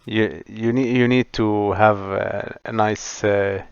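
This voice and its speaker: Low-voiced man, dry dull sound. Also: steady tone, slow, vocal fry, clear, resonant tone, dry recording. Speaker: podcast co-host. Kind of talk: casual chat.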